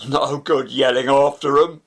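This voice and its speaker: A man's voice: medium pitch, steady tone, measured pace, fairly bright tone. A man voicing a mocking, sneering man who taunts another.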